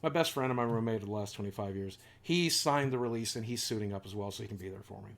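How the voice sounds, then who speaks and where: A man's voice: on the low side, fast talker, creaky. A man in his forties telling a personal story on his vlog, earnest and confessional with wry asides. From United States.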